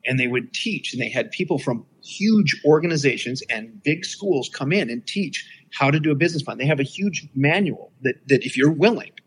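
A middle-aged guest with a slightly husky, breathy voice of ordinary pitch tells his personal story conversationally, at a moderate pace with hardly any pauses. He acts out quoted dialogue, jumping well up in pitch for others' words, on a rough recording.

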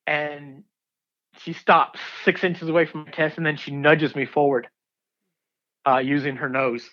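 A man in his fifties, a diver telling a story in an interview, excitable and rambling with many fillers and restarts. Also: fairly high pitch, a little slow, muffled recording.

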